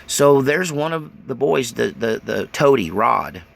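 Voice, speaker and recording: A man in his forties telling his life story in an animated, rambling way. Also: medium pitch, a little slow, vocal fry.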